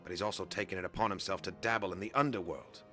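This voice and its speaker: A man's voice: deep voice, fast, sharp tone, soft background music, voice pushed down. A man voicing a small, wary male alien informant who speaks in a grave, urgent way.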